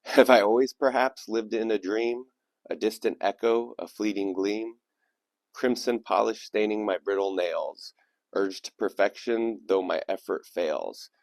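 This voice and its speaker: A man's voice: lowish voice, measured pace, gravelly, a little mellow, no room sound. A man hosting his channel, reading submitted poems aloud and adding reflective, digressive commentary between them. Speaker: channel host. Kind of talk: casual commentary and poetry reading.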